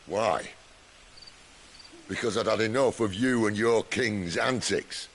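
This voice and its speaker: An actor playing a gruff, defiant rebel leader in a video game, with a gravelly voice and a dry, curt delivery. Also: male voice, lowish voice, slow pace, fairly bright tone, a little hiss or hum.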